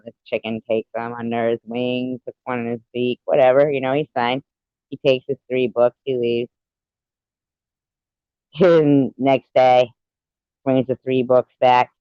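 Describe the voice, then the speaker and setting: Slow, giggly woman on a lo-fi stream. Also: very deep voice, little pitch movement, clean tone, no echo. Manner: giggly, rambling joke-teller. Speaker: livestream host. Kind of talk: casual chat with viewers.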